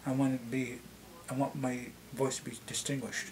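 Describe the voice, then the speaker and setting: A middle-aged man with a Canadian accent and a slightly deep voice, chatting casually to camera and rambling with many restarts. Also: level tone, moderate pace, darkish tone. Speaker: vlogger.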